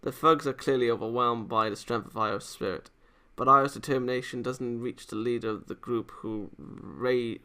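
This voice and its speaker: A man's voice: medium pitch, normal speed, hardly any pauses, pushed and bright. A man reading a visual novel aloud for a let's-play, narrating plainly and voicing the hero casually.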